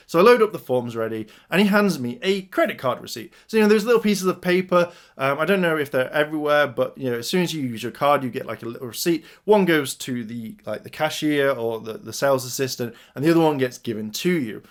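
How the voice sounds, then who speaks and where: A young man telling a rambling, animated story from his past job, with many restarts. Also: medium pitch, fast, few pauses. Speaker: youtuber. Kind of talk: storytime vlog.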